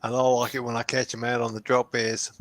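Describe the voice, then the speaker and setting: A man's voice: medium pitch, monotone, a little fast, fairly bright tone, no echo. A man, a regular on the show, telling laid-back anecdotes in casual chat.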